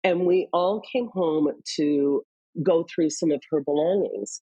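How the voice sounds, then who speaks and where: A woman from Iowa, a guest, telling personal stories candidly in an interview, quick bursts between slower pauses. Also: low voice, warm tone, slightly rough, dry recording, low-quality recording. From Iowa, US Midwest. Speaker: guest, leadership author.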